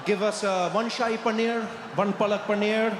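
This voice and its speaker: A man's voice: high-pitched, steady tone, moderate pace, lightly acted. A man voicing a showy man who orders in an exaggerated Indian accent, drawing out and over-enunciating every word. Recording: echoey stage with audience noise.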